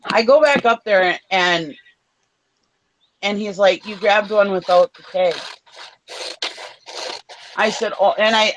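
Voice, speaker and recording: A woman co-hosting a casual chat show tells an angry story, fired up and swearing bluntly and freely. Her voice is mid-range and a bit bright. The audio has its highs cut off and carries a little hiss or hum.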